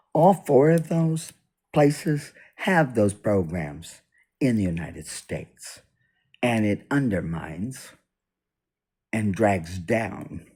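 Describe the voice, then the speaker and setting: A man with a fairly low voice speaks slowly in an unscripted monologue for his own video. His pitch moves a lot, and he stops, repeats and restarts as he goes. His volume rises and drops from phrase to phrase. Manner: halting, repeats and restarts, swings loud and soft. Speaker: video blogger. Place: indoors, US east coast.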